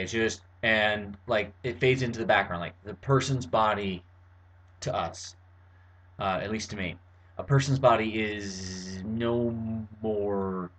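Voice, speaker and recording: A young male vlogger speaks to camera from his bedroom at home, his voice on the low side with a fairly bright tone. His casual, verbose monologue explains something and is full of fillers and restarts.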